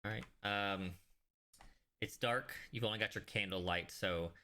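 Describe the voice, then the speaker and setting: A man narrating a tabletop game as dungeon master, relaxed and halting, with many fillers. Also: fairly low pitch.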